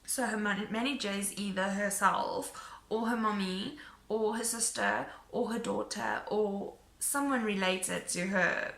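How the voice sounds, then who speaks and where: Woman vlogger, animated storyteller, gravelly voice, echoey room. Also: medium pitch, unhurried. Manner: animated retelling, acting out quotes. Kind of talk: casual storytime vlog.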